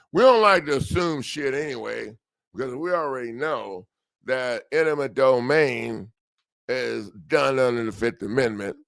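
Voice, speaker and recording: A man's voice: medium pitch, creaky, fairly bright tone, no echo, clean studio sound. An older man hosts a legal self-help livestream, rambling casually and joking at himself with frequent laughs.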